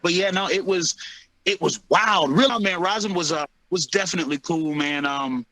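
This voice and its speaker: This guest is a UFC heavyweight in his thirties whose voice sits a little high and moves at a moderate pace over poor audio. Chatting casually with the interviewer, he tells animated stories, laughing a lot and acting out the quotes.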